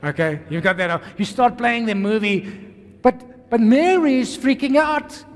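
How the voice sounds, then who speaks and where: A South African man, a pastor, preaching an energetic sermon full of rhetorical questions and calls to the congregation. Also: high voice. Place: church. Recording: long reverb of a church hall.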